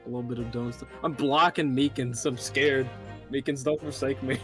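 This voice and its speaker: A man's voice: medium pitch, steady tone, normal speed, a bit bright, soft background music. A young man chatting casually with a friend over a game, laid-back and swearing as he tells a story. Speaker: co-player. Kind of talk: casual chat while playing a game.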